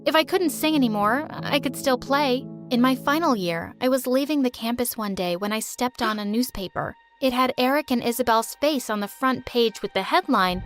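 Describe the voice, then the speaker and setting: Young woman, high register, expressive first-person storytime narrator. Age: young adult. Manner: expressive, emotional delivery.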